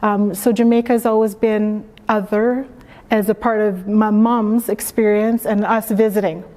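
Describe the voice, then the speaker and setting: A woman from Canada reading her own book aloud in a slow, measured way, then answering questions thoughtfully. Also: mid-range voice, level tone, mellow. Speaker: author. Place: library event room. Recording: long hall reverb.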